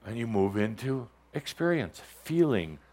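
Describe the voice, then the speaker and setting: A man's voice: mid-range voice, very animated, unhurried, darkish tone. A man speaking as a spiritual teacher to a live audience, in a playful, teasing way, often laughing.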